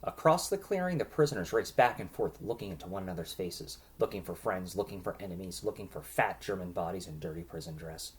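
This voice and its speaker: A man's voice: low voice, expressive, a little fast, hardly any pauses. A man narrating a grim war story in the second person, vividly and dramatically.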